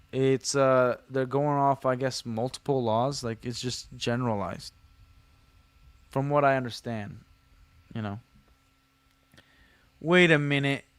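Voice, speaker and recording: A man's voice: mid-range voice, unhurried, pauses often, a bit bright, dry recording. A man hosting a casual livestream, reading chat messages aloud and answering them with slangy jokes and teasing. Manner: slangy, loose delivery with many fillers. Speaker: livestream host.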